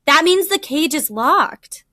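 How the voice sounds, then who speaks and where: A woman's voice: high voice, lively intonation, slow, pushed and bright, no echo, studio quality, full character voice. A woman reading an earnest male Brahmin. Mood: explaining. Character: plain, earnest male Brahmin, an older holy man. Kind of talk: storybook read-aloud.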